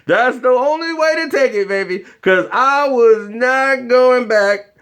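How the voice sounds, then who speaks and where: A man telling a comedic story in an animated way, acting out the voices of the people in it. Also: extremely high pitch, slow, smooth.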